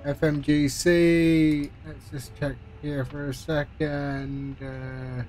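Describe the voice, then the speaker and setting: A man's voice: a little high, little pitch movement, takes it slowly, darkish tone, faint music behind. A man streaming a flight simulator, chatting casually as he talks through each step with friendly asides. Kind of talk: live-stream commentary while playing.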